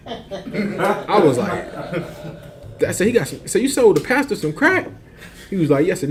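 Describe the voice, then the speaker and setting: A man's voice: on the high side, sing-song, brisk. A man telling a long street story in casual slang, laughing often and acting out the other voices.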